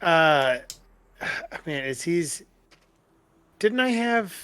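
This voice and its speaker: A man's voice: a little high, expressive, drawn-out words, fairly bright tone, clear, resonant tone, no echo. A man playing a tabletop game, hesitant and thinking aloud with many ums and restarts. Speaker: player. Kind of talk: casual tabletop game play.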